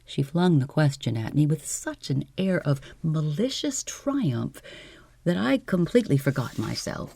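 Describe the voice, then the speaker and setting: Woman, sleep story narrator, soft, calm, low voice, lilting. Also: unhurried, creaky, breathy edge. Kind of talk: slow bedtime story reading.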